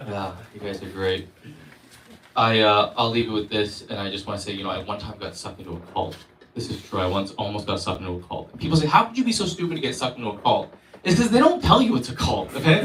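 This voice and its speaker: A man's voice: medium pitch, fast talker. A man doing a stand-up set, telling stories and acting out the voices of people in them. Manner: animated storytelling, acting out voices. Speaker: stand-up comedian. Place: comedy club stage. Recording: echoey club from far off. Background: audience laughter.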